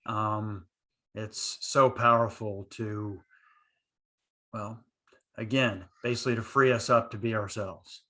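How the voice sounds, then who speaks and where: This is a man hosting an interview podcast who stutters himself. He speaks in a reflective way, often agreeing with his guest. He uses fillers and pauses between thoughts. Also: fairly low pitch, fairly even intonation, sharp tone. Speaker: podcast host. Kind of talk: interview chat.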